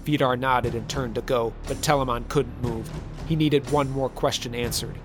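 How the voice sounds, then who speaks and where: A man narrating a dramatic legend in a measured, vivid storytelling manner. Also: mid-range voice, steady tone, music in the background.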